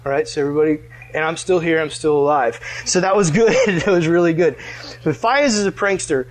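A man preaching a casual storytelling sermon, chatty and animated, full of "like" fillers. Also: a little high, brisk. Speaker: pastor.

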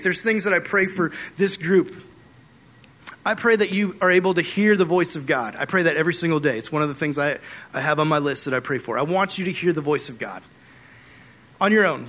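A young man preaching a casual youth group sermon, animated and acting out conversations with God as he retells a Bible story. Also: high-pitched. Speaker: youth pastor.

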